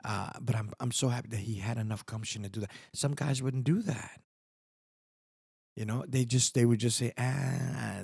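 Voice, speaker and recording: A man's voice: mid-range voice, darkish tone, slightly rough, dry recording, clean studio sound. A middle-aged man hosting his own podcast, talking in a rambling, earnest way with many restarts. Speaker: podcast host. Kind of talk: casual solo podcast monologue. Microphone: studio microphone.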